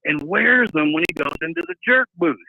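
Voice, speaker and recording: A man's voice: a little high, animated, brisk, gravelly, dry recording. Crude, irritable redneck shop clerk, done by a man in a raised, swinging voice; dry phone-like audio. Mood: matter-of-fact. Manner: crude, exasperated. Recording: tinny phone-like line, dry.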